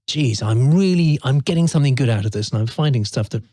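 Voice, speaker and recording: A man's voice: medium pitch, lively intonation, quick pace, mellow, no room sound. A man hosting a radio talk show, asking a guest long, summarising questions.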